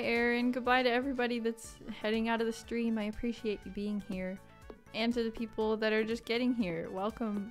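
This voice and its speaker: A woman streaming a farming game live, chatting playfully with her viewers and reading their comments aloud. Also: medium pitch. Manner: chatty and playful, answers chat, mock outrage. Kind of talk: casual live-stream chat.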